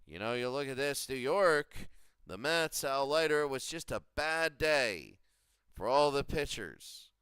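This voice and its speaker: Slow, clear-voiced man recapping a baseball sim. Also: mid-range voice, animated, fairly bright tone, no room sound. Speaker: video game commentator. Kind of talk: play-by-play recap of a simulated baseball game.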